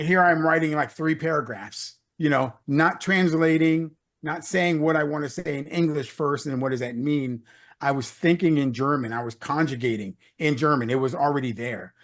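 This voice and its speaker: Middle-aged man telling a story. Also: fairly high pitch. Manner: anecdotal, repeats words, many "uh" and "you know". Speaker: leadership consultant, guest. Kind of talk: casual interview storytelling.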